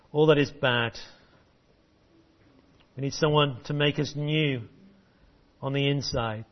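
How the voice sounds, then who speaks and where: Pastor leading a church sermon. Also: male voice, medium pitch, dull audio. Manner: encouraging, leads group call-and-response. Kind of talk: sermon with children's verse activity. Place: church service.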